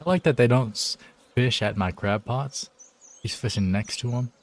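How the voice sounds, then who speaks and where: A man's voice: medium pitch, moderate pace. Laid-back joking male streamer. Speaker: game streamer. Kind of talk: casual live-stream chat.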